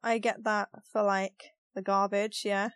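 A woman's voice: mid-range voice, little pitch movement, unhurried, a bit bright, clear, resonant tone, dry recording. A woman from England with a London Cockney accent, co-hosting a podcast in casual chat, laughing often as she explains things with examples. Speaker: podcast co-host.

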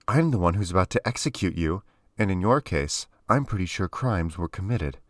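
A man's voice: deep voice, expressive, moderate pace, no echo, studio quality. A man voicing a fierce, commanding female warrior who makes cold demands. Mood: threatening.

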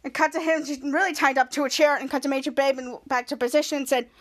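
A woman's voice: high-pitched, fairly even intonation, quick pace, fairly bright tone. A woman hosting a podcast, casually recapping a TV episode scene by scene, rambling with frequent restarts. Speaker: podcast host.

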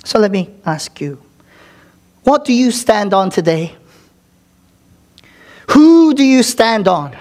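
A man's voice: high-pitched, very animated, slow, pauses often, a little mellow. A male pastor preaching a sermon with dramatic delivery, repeating words for emphasis and dropping into whispers. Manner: repeats words for emphasis, occasional filler ums.

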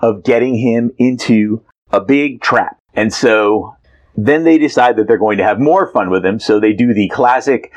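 A man's voice: on the low side, moderate pace. Playful, teasing man recapping a comic. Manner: playful, teasing, hesitant with fillers. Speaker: podcast co-host. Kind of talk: casual chat recapping a comic.

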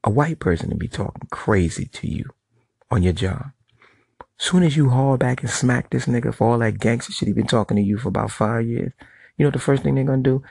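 A man's voice: mid-range voice, creaky, darkish tone, husky, no echo. A middle-aged man giving a blunt, profane monologue to camera, telling street stories. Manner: storytelling. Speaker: vlogger.

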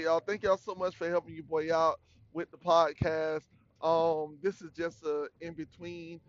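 A man hosting a solo podcast, talking in a rambling, slangy, animated way. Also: a little high, highs cut off. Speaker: podcast host.

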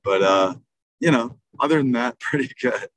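A man, a touring musician, talking low-key and tired from a car during an interview. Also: normal speed, a bit bright, no room sound, rough recording. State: worn out from touring. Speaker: guest musician. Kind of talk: casual interview.

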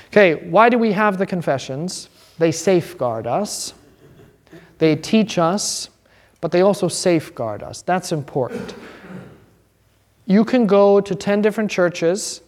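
A man, a pastor, teaching an informal Bible class in an animated, joking way. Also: fairly high pitch. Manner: animated, joking, acts out quoted voices.

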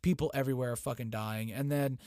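A man giving an excitable, foul-mouthed casual recap of a TV episode. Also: medium pitch, quick pace, no room sound, studio quality. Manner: excitable, heavy swearing.

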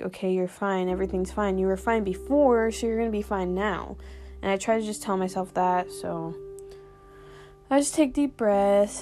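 Young woman, podcast host, candid casual monologue, filler-heavy, occasional swearing, mid-pitched voice, quiet guitar in background.

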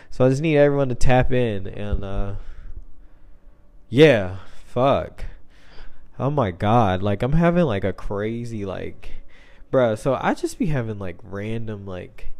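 A man's voice: fairly low pitch, lively intonation, measured pace, a little mellow. A young man hosting a solo podcast, rambling loosely in heavy slang with lots of filler words. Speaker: podcast host.

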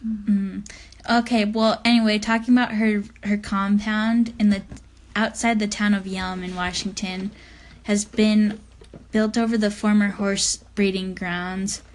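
A woman's voice: mid-range voice, flat delivery, unhurried. A woman co-hosting a casual chat podcast, talking in a chatty way with joking asides. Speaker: podcast co-host.

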